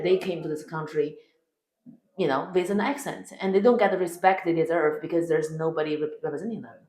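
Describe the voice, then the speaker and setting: A woman's voice: low voice, echoey room, low-quality recording. A woman comedian whose first language is Chinese, speaking with a Chinese accent and answering interview questions bluntly and emphatically. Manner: blunt and emphatic, swears freely.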